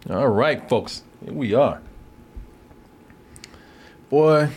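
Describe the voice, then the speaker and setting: A man co-hosts a casual comedy chat, riffing loosely and cursing freely. His voice sits fairly high and swings widely in pitch. He talks in a loose, playful way. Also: sing-song, moderate pace. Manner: loose, profane, riffing with laughs. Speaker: co-host.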